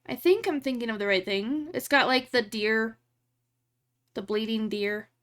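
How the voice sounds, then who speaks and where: A woman's voice: a little high, a little slow, a bit bright. A woman streamer chatting casually with her live chat while she edits photos. She rambles along, fills her talk with "like" and laughs easily.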